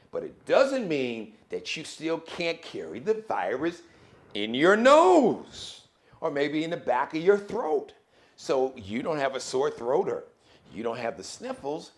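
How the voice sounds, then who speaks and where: On his live daily show, a higher-pitched male host launches into a lively, sermonizing monologue. He lurches from loud outbursts to quiet warnings.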